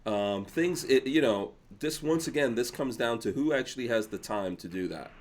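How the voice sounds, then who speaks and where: A man chatting as a podcast guest in a measured, hesitant way, often restarting his sentences. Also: mid-range voice, expressive. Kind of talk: casual chat.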